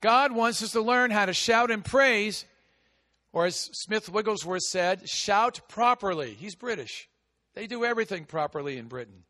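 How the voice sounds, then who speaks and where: Man, American pastor, sermon, big voice, shouts and hushed asides, bright tone, long hall reverb. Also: high-pitched, lively intonation, normal speed. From United States.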